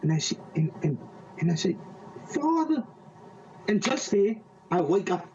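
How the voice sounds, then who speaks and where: A man with a high yet mellow voice tells a personal testimony of faith, slowing down for the vivid details and stumbling over repeated words as he goes. He sounds a little distant from the mic, and the audio is dull and lo-fi. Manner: halting, with frequent repeated words and restarts; slow and vivid when describing a dream. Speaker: interviewee giving a faith testimony.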